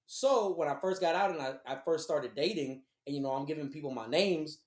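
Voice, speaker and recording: A man co-hosting a podcast, telling a personal story in casual, profane, animated chat. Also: a little high, fairly quick, roomy sound. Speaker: podcast co-host.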